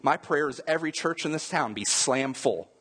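A man's voice: fairly high pitch, normal speed, fairly bright tone, husky. Emphatic man preaching in a reverberant hall. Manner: repetitive, emphatic preaching with restarts. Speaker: pastor. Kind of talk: sermon.

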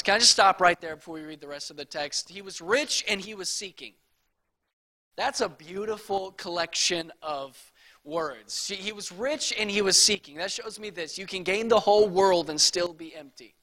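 Male guest preacher, thirties, high bright voice, conversational sermon that rises to passion. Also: normal speed. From Texas. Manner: chatty storytelling, builds to passionate preaching.

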